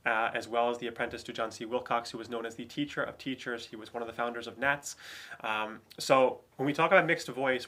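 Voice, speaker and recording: A man with a bright, ringing tone teaches a singing lesson. He explains at mid pitch, with frequent fillers and restarts, and breaks into short operatic phrases to demonstrate.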